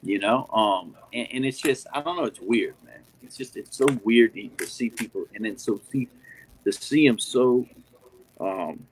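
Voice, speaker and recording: A man's voice: on the low side, expressive, normal speed, a little hiss or hum, poor audio. A man in casual chat, telling a story animatedly with lots of fillers and swearing.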